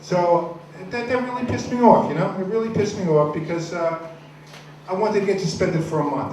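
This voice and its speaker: A man's voice: high voice, normal speed, noisy background. Rambling foul-mouthed man on a far-off, echoey mic. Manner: rambling, crude, deadpan storytelling with many restarts. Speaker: stand-up comedian. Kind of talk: stand-up set at an open mic.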